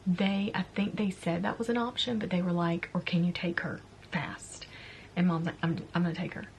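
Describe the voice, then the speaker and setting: A young woman tells a personal story to her camera in a soft, confiding voice that keeps sinking into a near-whisper. Her fairly low voice carries a lot of vocal fry. A faint hum of the room sits behind her. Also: steady tone, moderate pace. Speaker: beauty vlogger. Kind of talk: storytime vlog.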